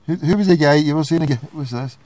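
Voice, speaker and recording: A man's voice: a little high, fast, dark tone, no room sound. A man, hosting a late-night call-in show, joking and swearing through loose banter. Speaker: host.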